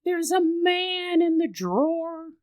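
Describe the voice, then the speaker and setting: A man voicing a scared three-year-old girl who pleads in a small, high child's voice. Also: lively intonation, slow pace, full character voice. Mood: frightened.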